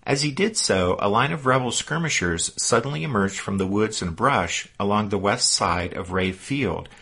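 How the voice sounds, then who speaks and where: A man reading scripted historical narration in a measured storytelling manner. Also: lowish voice, animated, vocal fry, sharp tone, breathy edge.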